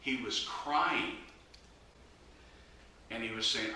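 A man's voice: medium pitch, measured pace, bright, forceful tone. A man preaching a personal testimony, earnest and urgent as he exhorts his listeners. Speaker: evangelist preacher. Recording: very echoey room, mic far off, faint noise.

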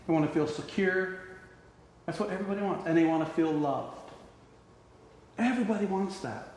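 Male preacher, high-pitched, impassioned delivery that dips to near-whispers, roomy reverberant hall. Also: lively intonation, normal speed. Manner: passionate, swings between loud emphasis and hushed tones. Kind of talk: sermon. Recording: echoey hall.

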